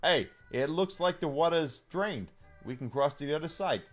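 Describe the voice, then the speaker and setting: A man voicing a confident, smooth-talking male traveler in a fantasy game. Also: on the high side, lively intonation, normal speed, faint music behind, lightly acted.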